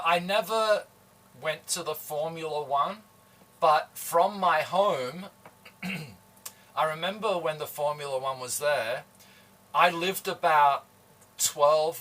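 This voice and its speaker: Australian man, livestream host, slow casual chat, bright voice. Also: fairly high pitch. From Adelaide, Australia. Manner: slow, relaxed, chatty, greeting viewers. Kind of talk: casual chat while cooking. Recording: voice somewhat far from the mic.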